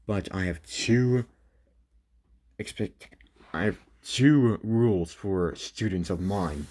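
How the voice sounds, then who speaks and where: A man voicing an ancient, calm, all-powerful male master who gives quiet, measured commands. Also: fairly low pitch. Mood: calm, commanding.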